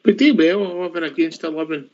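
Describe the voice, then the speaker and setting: A man's voice: a little high, fast, a little mellow. A Scottish man hosting a football phone-in, chatty and jokey as he waves callers in. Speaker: radio phone-in host. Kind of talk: casual football phone-in chat. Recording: dull lo-fi sound.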